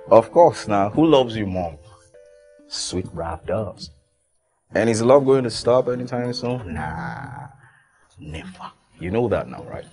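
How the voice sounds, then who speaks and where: A young man with a Nigerian accent and a lowish, darkish voice speaks slowly with lively intonation and long pauses, with faint music behind him. In this film dialogue he plays an affectionate grown son teasing and sweet-talking his parents on the phone, switching among English, pidgin and Yoruba.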